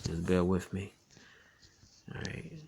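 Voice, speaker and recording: A man with a low, gravelly voice gives a loose, chatty Bible teaching. He keeps saying "man" and "all right" as he goes, and slows down to read the verses. His talk is broken up by frequent chuckles. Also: little pitch movement, a little mellow. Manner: conversational, tags lines with "man" and "all right"; reads scripture slowly and deliberately. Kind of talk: informal scripture teaching.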